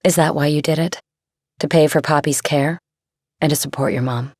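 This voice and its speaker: Cast: a low-voiced, husky young woman in an audiobook drama, earnest and caring. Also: steady tone, normal speed, no echo, clean studio sound. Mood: pleading. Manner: soft, earnest pleading.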